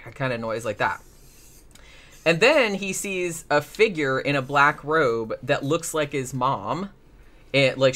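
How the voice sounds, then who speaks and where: A man's voice: on the high side, fairly bright tone. Sarcastic rambling man recapping. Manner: sarcastic, rambling, swears freely. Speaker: podcast host. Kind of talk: casual chat.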